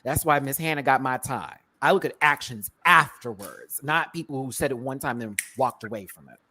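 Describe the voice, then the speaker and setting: A woman hosting a casual panel chat, sassy and animated, acting out quotes as she talks. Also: very deep voice, normal speed, noisy background. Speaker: show host.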